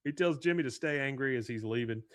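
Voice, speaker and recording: A man hosting a podcast, casually recapping an episode in an animated way and often chuckling. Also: mid-range voice, fast, no room sound. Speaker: podcast host.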